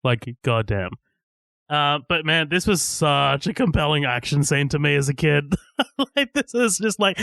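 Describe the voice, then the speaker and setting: A man's voice: fairly high pitch, lively intonation, unhurried, vocal fry, fairly bright tone, dry recording. A man co-hosting a podcast, chatting casually about a movie he loved as a kid, swearing often and laughing a lot. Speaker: podcast co-host. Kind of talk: casual movie commentary chat.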